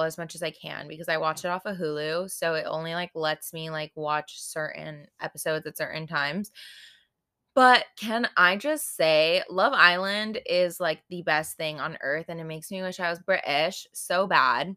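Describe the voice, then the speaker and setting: A woman's voice: sits low, steady tone, a little slow, pushed and bright, clear, resonant tone. A woman in her twenties hosting a podcast, chatting casually and rambling, full of fillers, frank and playful with swearing. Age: 20s. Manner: rambling, full of "like" and "I don't know". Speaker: podcast host. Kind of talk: casual solo podcast chat.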